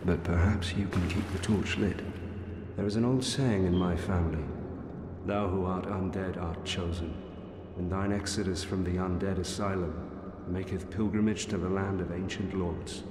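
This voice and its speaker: A weary, solemn undead knight near death, played by a man in a video game, talking slowly in a formal, old-fashioned way. The voice sits very low. It rings through a long, echoey hall with game noise behind. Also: steady tone, a little mellow, close to an everyday voice.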